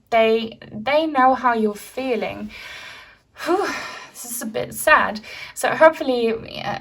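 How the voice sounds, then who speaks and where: Host of a tarot channel, a woman at ordinary pitch, soft and meandering, musing over each card with fillers and laughs. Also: vocal fry. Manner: gentle, rambling, many fillers and soft laughs. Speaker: tarot reader. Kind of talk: pick-a-card tarot reading.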